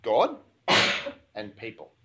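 A man's voice: medium pitch, huge pitch swings, very slow, sharp tone. A man with an Australian accent preaching a sermon in a church, in an easygoing conversational way that keeps checking in with the congregation. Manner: conversational, keeps asking "all right?". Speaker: pastor.

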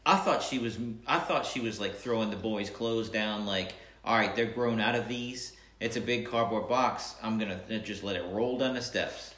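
A man's voice: on the low side, moderate pace, hardly any pauses. Playful man in an echoey room. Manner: animated, playful retelling with acted-out quotes. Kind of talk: casual storytelling chat.

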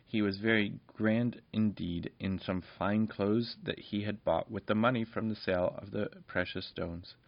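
A man's voice: lowish voice, no room sound. A man reading a children's story aloud in a homely way, adding little asides to the listener, on a dull lo-fi recording.

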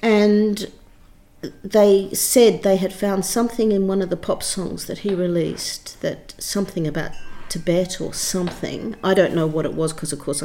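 A middle-aged woman, a theatre director and writer, telling a story in an interview in an expressive, emphatic way with frequent restarts. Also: medium pitch, slight background noise. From Australia.

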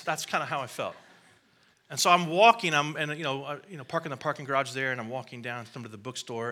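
A middle-aged man preaches a sermon in a relaxed, storytelling manner, often turning to the congregation with asides. His voice is bright and a little higher than most men's. He sounds like a pastor talking with his church rather than lecturing it.

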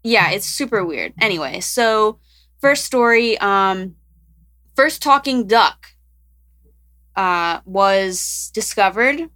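A woman's voice: mid-range voice, expressive, slow, long pauses, a bit bright. A young woman co-hosting a podcast in casual chat, giggly and full of filler words. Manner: chatty, giggly, lots of "like" and "um". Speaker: podcast co-host.

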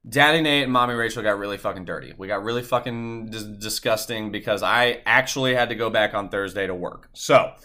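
A man's voice: lowish voice, brisk, few pauses, bright, forceful tone. A young man telling a long personal story in casual chat, swearing often and filling with "like". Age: young adult. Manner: profane, rambling, heavy on "like".

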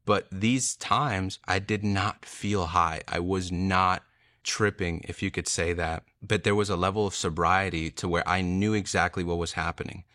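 A man's voice: deep voice, steady tone, normal speed, pushed and bright, no room sound. A young man telling his personal conversion testimony, earnest and emotional, with lots of casual fillers. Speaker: testimony speaker.

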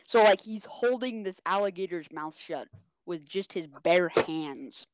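A man's voice: sits high, lively intonation, unhurried, clean tone, dry recording. Rambling teen boy telling a story. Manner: rambling, crude jokes. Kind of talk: casual storytelling.

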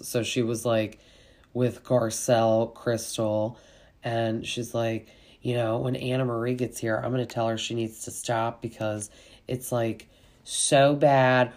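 A podcast host talks through a reality show recap in a chatty, gossipy way. The voice sits at an ordinary middle pitch. Fillers like "like" come constantly as the speaker rambles on. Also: a little mellow. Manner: chatty, gossipy, heavy use of "like".

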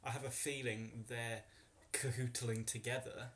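A man's voice: mid-range voice, little pitch movement, unhurried, a bit bright, a little hiss or hum. Hesitant man playing a mystery game. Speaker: player. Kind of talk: casual chat during a tabletop mystery game.

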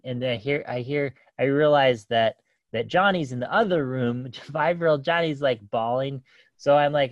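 A man's voice: medium pitch, moderate pace, no echo, highs cut off. A man in his thirties casually telling a story about his kids, rambling with lots of fillers and restarts and laughing often.

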